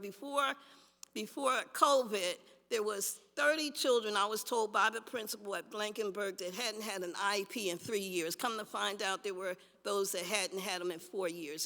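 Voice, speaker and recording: A woman's voice: medium pitch, pushed and bright. An older woman giving impassioned public testimony at a council hearing, often repeating herself as she makes her point. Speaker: public commenter. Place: council chamber. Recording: long hall reverb.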